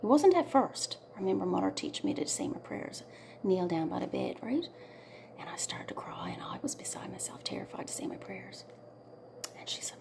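A woman's voice: medium pitch, sing-song, brisk, darkish tone. A middle-aged woman from Newfoundland with a Newfoundland accent, chatting in a rambling personal way, often dropping to a near whisper and tagging lines with "right?". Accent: Newfoundland English. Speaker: singer-songwriter. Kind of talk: casual personal storytelling.

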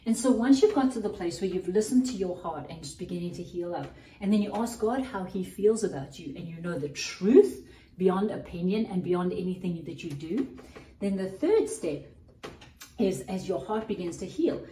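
A woman's voice: on the low side, lively intonation, moderate pace, warm tone, reverberant, recorded from a distance, slight background noise, low-quality recording. A woman hosting a Christian podcast as a coach, giving an earnest, reflective teaching monologue and often checking in with "right?".

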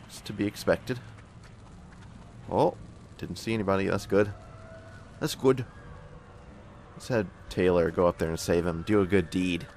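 Young male let's-play host, very low voice, joking asides to his squad, faint hiss behind. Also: fairly even intonation, measured pace, long pauses, a little mellow. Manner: joking, talks to his soldiers. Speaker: gameplay commentator. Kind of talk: casual let's-play commentary.

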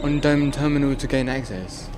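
A man's voice: medium pitch, normal speed, music in the background. Frantic swearing man narrating gameplay. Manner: frantic, swearing, muttering to himself while playing. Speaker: gaming channel host. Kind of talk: let's play commentary.

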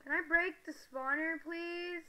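An excitable woman narrating her gameplay with a high voice and a sharp, piercing brightness. She talks at an unhurried pace and keeps breaking into loud exclamations. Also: rough recording. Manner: excitable, shrieks and exclaims at surprises. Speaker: gaming video creator. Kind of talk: gameplay commentary.

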